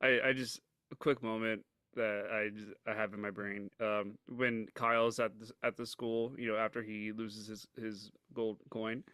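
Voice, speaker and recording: A man co-hosting a casual movie podcast, telling scenes in a lively way and laughing often. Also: fairly low pitch, moderate pace, clean tone, no room sound. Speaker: podcast co-host.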